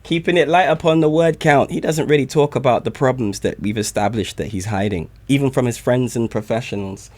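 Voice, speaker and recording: A man reacting to community music on a live stream, hyped and excitable, often shouting his praise. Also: medium pitch, brisk, few pauses.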